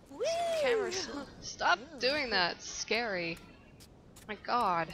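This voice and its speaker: A young woman giving casual, profane let's-play commentary, reacting loudly and insulting her own game character. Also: on the high side, animated, normal speed, a little hiss or hum. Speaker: gameplay commentator.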